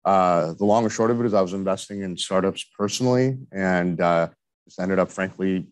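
A middle-aged man speaking as a guest in an interview, explaining his career in a measured, conversational way with frequent fillers. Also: deep voice, no room sound. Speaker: venture capital guest.

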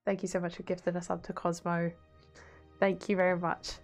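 A woman's voice: lowish voice, little pitch movement, a little fast. Yorkshire woman gaming streamer, chatty and casual, faint game music under her talk. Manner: chatty, reads chat aloud, swears casually.

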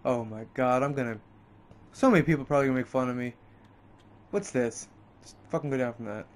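A man playing a video game and commenting on it, frustrated and swearing a lot, his voice jumping up when he snaps. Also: a little fast. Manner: frustrated, heavy swearing, pitch jumps up in outbursts. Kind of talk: let's play commentary.

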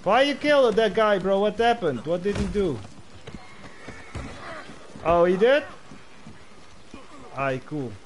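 A man's voice: high-pitched, lively intonation, slow, pauses often, slight background noise. A man livestreaming a game, chatting casually and greeting players as bro. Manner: friendly, greets players, calls them bro. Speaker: game streamer.

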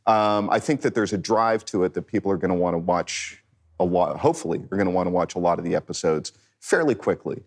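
Low-voiced man explaining at length. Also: fast. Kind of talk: panel discussion.

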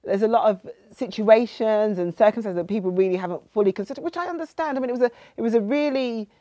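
Earnest woman politician, mellow dry voice. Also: fairly high pitch, quick pace, no echo. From England. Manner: earnest, repeats points for emphasis. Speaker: politician guest. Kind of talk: casual chat.

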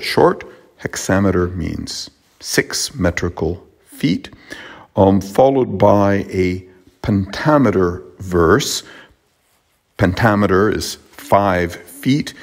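A man teaching a Latin poem, explaining its sounds and meter in a halting way with frequent pauses and restarts. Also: deep voice, gravelly, a little mellow. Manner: halting, with many fillers and restarts. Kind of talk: explanatory lesson on poetry.

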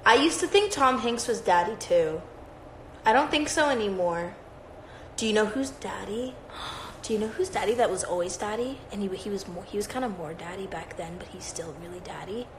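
A woman's voice: mid-range voice, moderate pace, noisy background. A woman hosting a livestream, chatting in a rambling, profane, casual way. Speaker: livestream host. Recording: roomy echoey sound.

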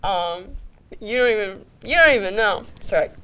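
A woman's voice: mid-range voice, animated, normal speed, pushed and bright, clear, resonant tone, poor audio. A young woman producing a student TV show, giving a rambling farewell speech while crying, apologizing and laughing through tears, with many ums. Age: young adult.

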